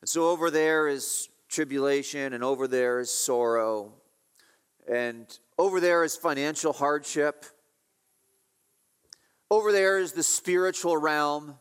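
A man preaching an expository sermon, emphatic, repeating key phrases and swinging between loud and hushed. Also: a little high, a little slow, smooth. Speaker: pastor. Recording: reverberant hall.

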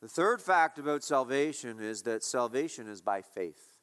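A man's voice: mid-range voice, expressive, moderate pace, fairly bright tone. A male pastor preaching a sermon, emphatic and repetitive, asking his listeners rhetorical questions.

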